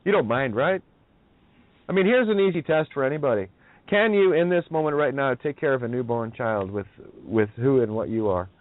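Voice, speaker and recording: A man's voice: medium pitch, lively intonation, brisk. A man from Ireland, hosting a radio show in a profane, combative rant. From Northern Ireland. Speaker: radio host. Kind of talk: ranting talk radio. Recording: tinny phone-line audio, dry.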